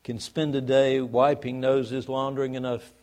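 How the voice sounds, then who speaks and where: A male pastor reading scripture, praying and telling a story in a sermon, his phrase ends dropping quiet. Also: mid-range voice, flat delivery, moderate pace.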